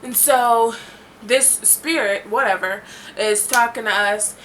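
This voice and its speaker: A woman's voice: fairly high pitch, takes it slowly, a little hiss or hum. A young woman vlogger telling a spooky story, acting out the lines and saying "like" a lot. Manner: animated, acts out dialogue, says "like" a lot. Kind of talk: storytime vlog.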